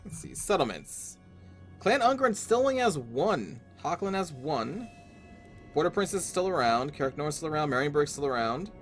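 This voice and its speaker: A chatty, wry man talks through his strategy game as he plays, his pitch sitting a little high and swinging freely. He thinks aloud in a casual let's-play manner. Faint game music runs underneath. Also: very animated, normal speed. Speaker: gaming streamer.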